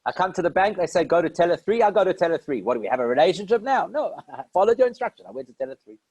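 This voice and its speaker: Rabbi teaching with rhetorical questions. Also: male voice, high voice, big pitch swings, racing, a little mellow, breathy edge, dry recording, poor audio. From South Africa. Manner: conversational teaching, rhetorical questions answered himself. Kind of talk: Torah lecture.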